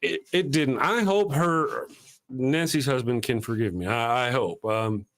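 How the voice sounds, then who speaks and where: A man with a Southern US accent hosting a casual morning talk show, telling stories in an animated, self-mocking way with frequent laughter. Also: mid-range voice, measured pace. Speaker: show host.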